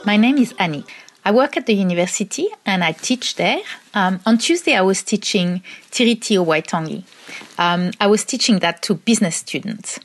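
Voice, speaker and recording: A woman with a French accent, a university lecturer from France, speaking in a hesitant personal testimony full of pauses and ums. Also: mid-range voice, expressive.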